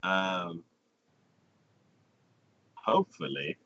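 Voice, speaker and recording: A man co-hosting a podcast, speaking in a calm, hesitant, low-key way. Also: extremely slow, no room sound. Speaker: podcast co-host. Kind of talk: casual chat. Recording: dull lo-fi podcast audio.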